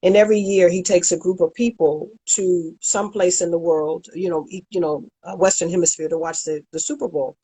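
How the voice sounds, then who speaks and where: Husky woman chatting, tells stories and does the voices. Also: fairly low pitch, fairly quick, hardly any pauses, poor audio. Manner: animated storyteller, acts out quotes. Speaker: guest. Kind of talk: casual chat, storytelling.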